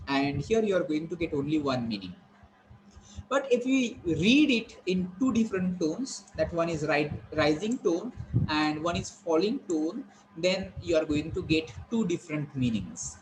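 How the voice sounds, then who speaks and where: Male lecturer, slightly raised pitch, halting and repetitive classroom delivery. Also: sing-song, slight background noise, poor audio. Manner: explanatory, repetitive, many fillers and restarts. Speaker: college lecturer.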